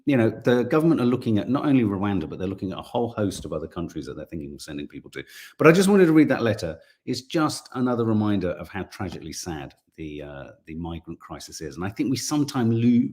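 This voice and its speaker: A man's voice: fairly low pitch, darkish tone. A middle-aged man, co-hosting a casual live stream, chatting and reading viewer comments while thinking aloud with frequent restarts.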